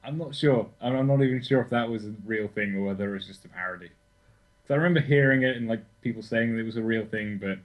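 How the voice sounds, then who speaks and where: A man's voice: lowish voice, fast, muffled recording. A young man co-hosting a podcast in casual, sweary, self-correcting chat. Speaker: podcast co-host.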